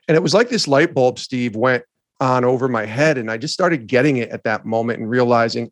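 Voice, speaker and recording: A middle-aged man co-hosting a talk show, telling a story in an earnest, animated way and acting out the people he quotes. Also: medium pitch, fairly quick, no room sound, clean studio sound. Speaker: podcast co-host. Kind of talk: storytelling in a conversation.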